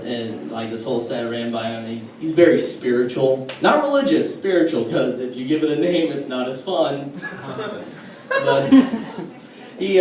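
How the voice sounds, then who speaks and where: A man's voice: medium pitch, a little mellow. A man doing a stand-up comedy set in a comedy club, telling crude, self-mocking stories in a casual way, with lots of "like" and "all right?". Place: comedy club stage with live audience. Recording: distant, very echoey club recording with noise. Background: audience laughter and room ambience.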